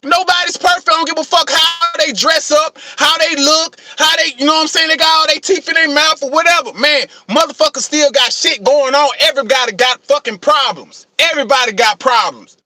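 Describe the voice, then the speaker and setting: A man's voice: extremely high pitch, steady tone, a little fast, hardly any pauses, pushed and bright, no room sound, clean studio sound. A man in an impassioned, profane rant, repeating "man" and "you know what I'm saying" as he drives each point home. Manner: calls himself passionate, gets things off his chest.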